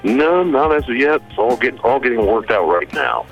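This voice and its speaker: A man's voice: mid-range voice, animated, moderate pace, lo-fi sound, faint music behind. A man being interviewed as a musician guest, laid-back and joking, laughing easily. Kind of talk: casual interview.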